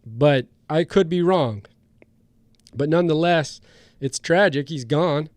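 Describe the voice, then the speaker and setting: Male podcast co-host, higher register, dry sound, animated scene-by-scene storyteller. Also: slow, dry recording. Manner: animated retelling of scenes, frequent restarts. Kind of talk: casual film discussion.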